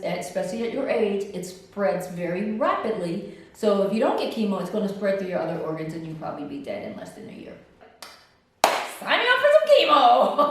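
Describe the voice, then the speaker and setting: Older woman, chatty storyteller, big voiced-out quotes, recorded far off in a roomy space. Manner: animated, acts out other people's lines in a high voice. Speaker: interviewee telling her story. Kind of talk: casual storytelling. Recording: roomy echo, distant from mic.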